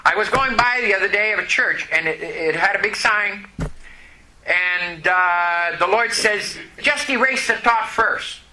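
Slow, bright-voiced male preacher. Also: high voice, a little hiss or hum, low-quality recording. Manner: preaching slowly with emphatic repetition. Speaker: pastor. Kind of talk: sermon.

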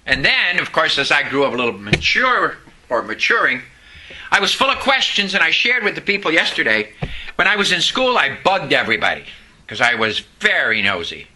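Male pastor, sermon, storytelling, call-and-response, sharp bright tone. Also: a little high, very animated, fairly quick, a little hiss or hum, rough recording.

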